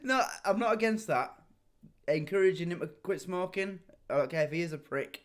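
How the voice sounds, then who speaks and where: A man's voice: high voice, normal speed. A man hosting a reaction video, chatty and sweary, rambling as he comments.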